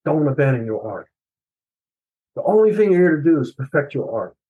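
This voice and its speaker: A man's voice: a little high, sing-song, a little fast, slightly rough, narrow, tinny audio. A middle-aged man, an author and podcast guest, telling his personal story in an emotional, earnest and confessional way, with some swearing.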